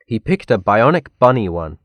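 A man reading a children's picture book aloud as narrator, slow and deliberate. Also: fairly low pitch, very animated, fairly bright tone, no echo.

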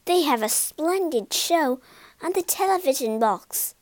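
A woman voicing a genteel lady ghost in a storybook reading, prim and excitable. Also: fairly high pitch, a little slow, clear, resonant tone, no room sound. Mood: excited.

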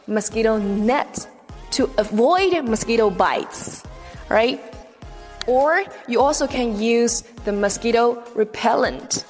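A woman's voice: a little high, expressive, slow pace, long reverb tail, faint music behind. A woman teaching English vocabulary, repeating each word and checking in with "okay?" after nearly every point. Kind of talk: vocabulary lesson.

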